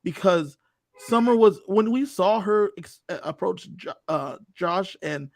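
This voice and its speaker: A man's voice: sits high, animated, creaky, no room sound, clean studio sound. A man co-hosting a casual podcast, talking emphatically about the show. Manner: emphatic, quick to agree. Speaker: co-host. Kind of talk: casual podcast recap chat.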